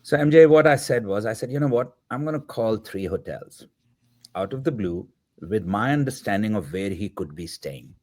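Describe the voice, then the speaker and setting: Man, middle-aged, low voice, podcast guest, animated storyteller, acts out the dialogue. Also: moderate pace. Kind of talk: storytelling in an interview.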